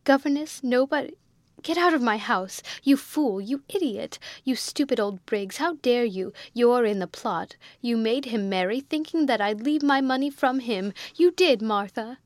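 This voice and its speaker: A wealthy old spinster, put on by a woman reading a classic novel aloud, shrill and imperious, pitched high above plain speech. She is quick to take alarm and snaps out petulant demands. The sound is dry and close. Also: lively intonation, no echo, close to an everyday voice. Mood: furious.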